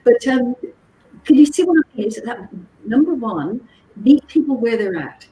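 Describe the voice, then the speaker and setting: Woman trainer, mellow voice, lively coaching tone, roomy echo, faint noise. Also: fairly high pitch, moderate pace, recorded from a distance. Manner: animated, checks in with listeners, acts out dialogues. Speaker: psychologist and communications trainer. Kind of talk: workshop talk.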